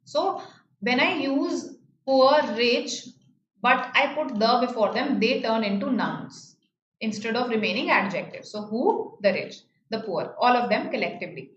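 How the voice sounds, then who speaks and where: A woman with an Indian English accent, her voice fairly high, explains grammar patiently, repeating key phrases and checking in with "right?". The sound is slightly muffled and roomy, with a faint hiss behind her. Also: lively intonation, a little slow, a bit bright. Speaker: teacher. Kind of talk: online grammar lesson.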